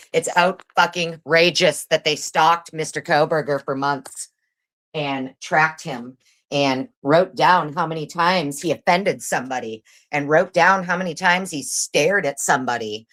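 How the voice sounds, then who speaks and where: Woman livestream host with a low voice, fast reader, sarcastic and swearing. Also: fairly bright tone. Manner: sarcastic and profane. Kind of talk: casual livestream chat and reading aloud.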